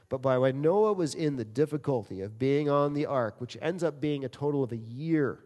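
A man's voice: medium pitch, normal speed. A middle-aged man from New Jersey preaching a sermon in a church, joking with the congregation and acting out prayers. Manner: animated preacher, acts out quoted prayers, jokes with congregation. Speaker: pastor. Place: church sanctuary. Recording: long reverb in a large hall.

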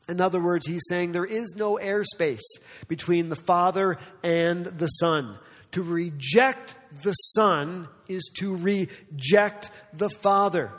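A man's voice: high voice, slow, fairly bright tone. A man preaching a sermon, emphatic, asking rhetorical questions and acting out the people he quotes. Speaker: pastor. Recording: long hall reverb.

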